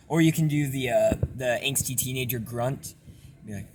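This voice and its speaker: A young man casually explaining a vocal technique in a relaxed, rambling way with lots of fillers. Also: medium pitch, very noisy. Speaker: self-taught vocal tutorial maker.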